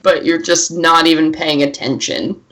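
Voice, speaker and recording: A woman narrating as game master of a tabletop game, playful and excitable, swearing casually. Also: low voice, moderate pace, low-quality recording.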